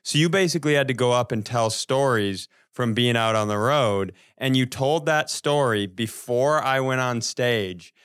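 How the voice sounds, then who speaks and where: A man hosting a comedy podcast, reacting to a guest's story with quick comments and laughs, then telling his own memory. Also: mid-range voice, a bit bright, smooth, dry recording, clean studio sound. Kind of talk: casual podcast chat.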